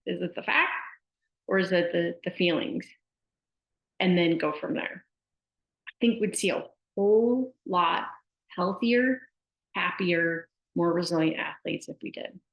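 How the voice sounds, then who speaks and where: A middle-aged woman with a low, gravelly voice gives casual advice as a sports nutrition specialist. She is a chatty storyteller who keeps asking "right?". The recording is dull and lo-fi, in a roomy, echoey space. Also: measured pace, long pauses. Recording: echoey room, dull lo-fi sound.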